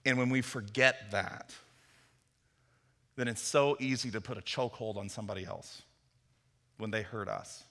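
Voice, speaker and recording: A man preaching a sermon, telling a parable with animated storytelling and bits of acted dialogue. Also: fairly low pitch, moderate pace, pauses often. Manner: animated storytelling, acts out Peter's voice. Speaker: pastor. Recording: long hall reverb.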